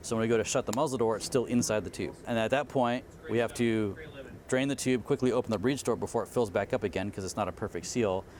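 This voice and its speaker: A man's voice: on the low side, quick pace, a little mellow. A man, a Navy chief petty officer, explaining his work aboard a submarine in a plain, matter-of-fact way during an interview. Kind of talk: interview answers.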